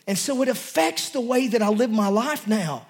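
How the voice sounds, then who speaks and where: A man's voice: high-pitched, animated, normal speed. A male pastor preaching a sermon to his congregation, passionate and emotional, talking in a loose, conversational way with many restarts. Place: church service before a congregation.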